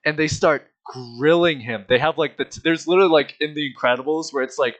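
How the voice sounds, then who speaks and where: A man's voice: a little high, brisk, a bit bright. A young man telling a childhood story in casual podcast chat, laughing often and acting out the other people's voices. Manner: laughs often, acts out voices in his stories.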